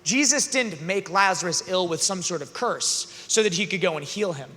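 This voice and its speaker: A man gives an earnest youth talk in a high, bright voice, shifting from casual asides to loud, emphatic passages. His voice rings through a large arena with a long reverb tail. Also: lively intonation, moderate pace. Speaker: youth conference speaker.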